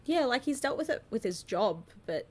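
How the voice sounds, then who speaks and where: A woman's voice: a little high, sing-song, normal speed. A woman co-hosting a podcast, chiming in casually with brief agreeing remarks. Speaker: podcast co-host. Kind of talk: casual chat.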